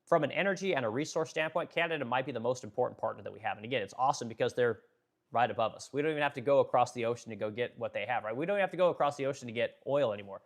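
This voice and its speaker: A man's voice: mid-range voice, expressive, racing. A young adult man from the Pacific Northwest hosting a casual livestream, reading chat and talking bluntly with profanity and lots of fillers. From Pacific Northwest, Oregon.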